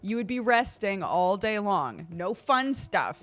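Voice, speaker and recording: Laughing mom telling a story. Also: female voice, mid-range voice, unhurried, soft background music. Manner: animated, laughs often between sentences. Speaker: livestreamer and mother. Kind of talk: casual storytelling on a live stream.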